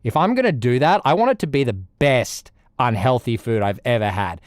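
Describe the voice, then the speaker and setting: A young Australian man chatting casually on a music livestream, rambling, with loud bursts and low mutters. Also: moderate pace, no echo, studio quality. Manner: animated, rambling, swings between loud outbursts and mutters. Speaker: music streamer.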